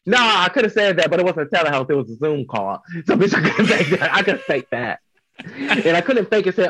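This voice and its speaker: A man's voice: high voice, sing-song, normal speed, a bit bright, slight background noise, low-quality recording. A man from Chicago, a drag performer chatting as an interview guest, blunt, profane and joking. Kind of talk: casual interview chat.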